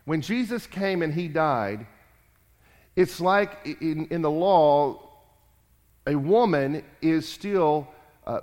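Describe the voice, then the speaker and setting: A man preaching a sermon, emphatic and repetitive, rising loud and dropping quiet. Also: fairly high pitch. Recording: long hall reverb.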